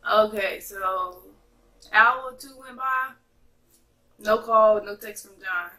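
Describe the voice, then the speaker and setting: A young woman from North Carolina telling a chatty, animated storytime to her viewers. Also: medium pitch, slow pace, recorded from a distance, low-quality recording. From North Carolina, USA. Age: young adult. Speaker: vlogger. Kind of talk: casual storytime vlog.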